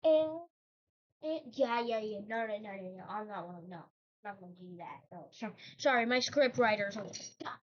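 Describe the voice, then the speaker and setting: A channel host with a medium-pitched, animated voice spins a made-up history tale at a moderate pace. She rambles casually and keeps veering into joking asides, all captured in a dull lo-fi recording.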